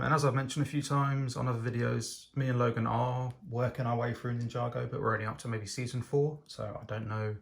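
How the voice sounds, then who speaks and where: Guy reviewing a lego set, gravelly voice, lots of ums, keen about it. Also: mid-range voice, fairly bright tone. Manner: enthusiastic, hesitant with frequent ums. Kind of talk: casual product review.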